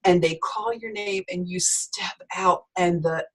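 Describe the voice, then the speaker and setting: A middle-aged woman giving an animated sales training talk, telling stories with voices for the people in them. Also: lowish voice, unhurried, gravelly, low-quality recording. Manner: storytelling, lively quoted voices.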